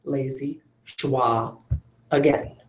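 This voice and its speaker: A woman's voice: a bass voice, steady tone, very slow, reverberant. A woman teacher giving a phonics lesson for children, patiently sounding out syllables and explaining spelling rules.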